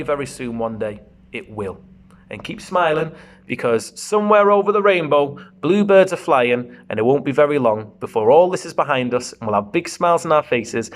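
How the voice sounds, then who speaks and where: A man, a primary school teacher, reading a children's storybook aloud with animated, chatty asides to the children. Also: mid-range voice, slight background noise.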